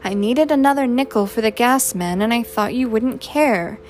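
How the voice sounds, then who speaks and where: A woman's voice: on the high side, normal speed, faint music behind, lightly acted. A woman doing a plain, practical mother. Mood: earnest. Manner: calm, matter-of-fact.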